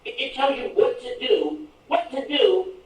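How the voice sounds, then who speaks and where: A man teaching a real estate class, telling stories with energetic, emphatic delivery and loud exclamations. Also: very high voice, unhurried. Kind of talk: animated classroom lecture with stories. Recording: echoey video played in a room, from far off.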